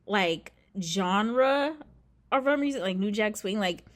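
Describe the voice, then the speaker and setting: A young woman talks straight to camera in a relaxed vlog, her voice sitting at an ordinary middle pitch. She rambles and circles back, filling gaps with "like" and "um" as she tells a story. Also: slow. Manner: chatty, rambling, full of "like" and "um". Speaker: vlogger. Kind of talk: casual talking-to-camera vlog. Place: indoors near a street with passing traffic.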